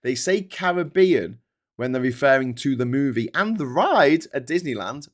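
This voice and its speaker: A man hosts a casual livestream and reads out comments from viewers. His voice sits in a middle pitch. His talk rambles and is full of swearing, and he laughs at his own jokes. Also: lively intonation, moderate pace. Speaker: livestream host.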